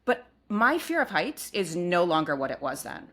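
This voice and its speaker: A middle-aged woman co-hosting a podcast, telling a personal story in casual chat and acting out what she shouted back then. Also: on the low side, normal speed. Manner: animated storyteller, acts out her own past shouts. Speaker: podcast co-host.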